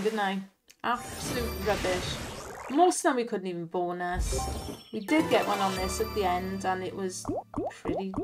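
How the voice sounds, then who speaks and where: Excitable woman over loud music. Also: a little high. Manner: chatty, excitable, laughs often, talks to viewers. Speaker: slot gaming channel host. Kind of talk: casual live commentary over slot play.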